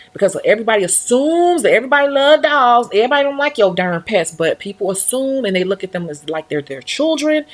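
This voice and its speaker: A woman who does nails, chatting casually on a livestream and acting out other people's voices as she tells stories. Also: medium pitch. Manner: animated storyteller who acts out others' voices. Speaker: nail technician and livestream host.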